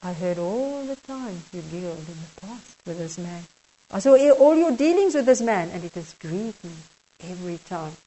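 A woman with a South African accent voicing a gentle, sorrowful male Lord in a quiet, hushed voice. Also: mid-range voice, big pitch swings, unhurried, few pauses, slightly rough, exaggerated voice, poor audio. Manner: soft, quiet and grieved.

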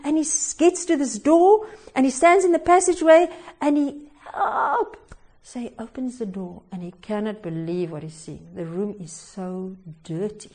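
A woman's voice: on the high side, normal speed, warm tone. A woman preaching a devotional sermon, telling a story expressively with little chuckles and hesitations.

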